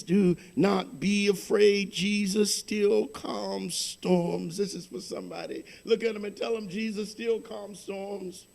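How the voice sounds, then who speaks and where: Gravelly high-voiced preacher, slow and fervent. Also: male voice. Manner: fervent preaching, swings from hushed to shouting, repeats phrases. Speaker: pastor. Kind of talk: sermon.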